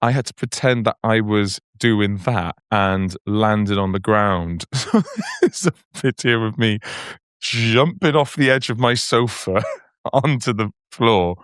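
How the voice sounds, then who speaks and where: A man's voice: lowish voice, slow, fairly bright tone, clear, resonant tone, no room sound, clean studio sound. A man co-hosting a comedy podcast, telling stories and laughing often in casual chat. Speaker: podcast co-host.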